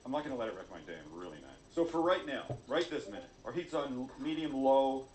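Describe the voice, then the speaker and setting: A man's voice: medium pitch, expressive, fairly quick, darkish tone, roomy sound, slight background noise. Joking man demonstrating a recipe. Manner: jokey, self-mocking, chatty. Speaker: cooking show host. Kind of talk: cooking demonstration video.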